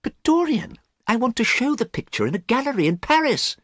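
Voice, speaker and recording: A man voicing an anxious, earnest male painter in a high, strained, pleading tone, recorded close and dry. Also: big pitch swings, fairly quick, fairly bright tone, no echo, exaggerated voice.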